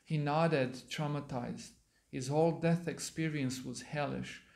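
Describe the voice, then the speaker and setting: Monk guy preaching, reads a story and explains words, kinda high voice, echoey temple. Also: fairly even intonation, a little slow, gravelly, darkish tone. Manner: explains words aside to listeners. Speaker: monk lecturer. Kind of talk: sermon with a read-aloud story. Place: temple hall.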